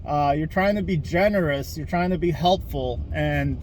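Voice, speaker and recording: A man with a high voice rants into his phone on a casual vlog. He sounds exasperated, and he slips into mocking voices when he quotes people. Faint traffic noise sits under the voice outdoors. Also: moderate pace, poor audio. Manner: exasperated ranting, mocks others in high voices. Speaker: vlogger. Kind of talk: ranting walk-and-talk vlog. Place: outdoors in a town, walking and driving past traffic.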